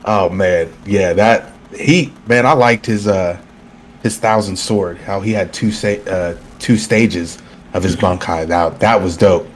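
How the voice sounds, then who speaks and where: A man's voice: measured pace, slight background noise. A man as a guest on a stream, chatting casually and expressively, acting out lines as he talks. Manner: expressive, swings pitch widely when quoting. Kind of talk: casual chat.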